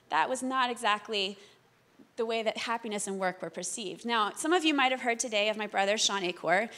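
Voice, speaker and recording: A woman's voice: medium pitch, a bit bright. A woman giving a keynote talk, telling stories with humorous asides in an upbeat way. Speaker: keynote speaker.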